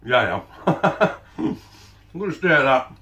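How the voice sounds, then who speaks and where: A man's voice: fairly high pitch, sing-song, measured pace, bright, forceful tone, lo-fi sound. A man hosting a casual cooking vlog, chatting bluntly with plenty of swearing and jokes, sometimes with his mouth full. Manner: blunt, sweary, jokey banter; talks with his mouth full while tasting. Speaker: cooking channel host. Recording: echoey room.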